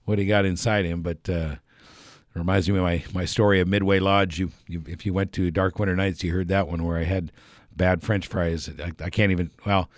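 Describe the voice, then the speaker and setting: A middle-aged man with a very low voice tells a casual, meandering story for a radio audience. He backtracks, restarts his sentences and chuckles along the way. His voice sounds dry and close, with no room around it. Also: little pitch movement, brisk, dry recording. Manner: rambling, self-correcting, chuckles while telling.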